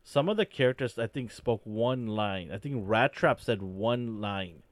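A man's voice: on the low side, lively intonation, measured pace, no echo. Opinionated guy rambling on in a casual chat, dry close mic. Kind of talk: casual fan discussion.

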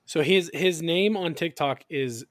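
Lively, laughing podcast co-host man. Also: on the high side, unhurried, no room sound, studio quality. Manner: animated, laughs often, tumbling restarts. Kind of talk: casual chat.

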